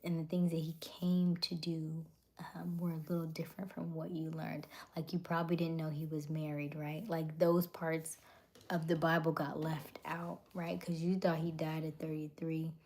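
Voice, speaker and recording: A woman hosting a casual livestream, chatting with viewers and greeting them by name, often sliding into a soft near-whisper. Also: deep voice, little pitch movement, normal speed. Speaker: livestream host.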